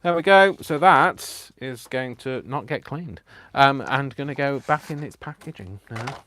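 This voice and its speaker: A man's voice: medium pitch, lively intonation, unhurried, bright, forceful tone, slight background noise. A man hosting a live craft stream, chatty and self-mocking, laughing often as he works. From United Kingdom. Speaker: crafting channel host.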